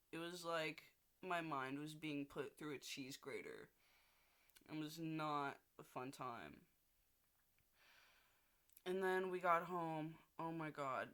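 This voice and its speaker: A man's voice: fairly high pitch, sharp tone. A young man ranting casually in a video diary, swearing often and rambling with restarts. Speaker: video diarist.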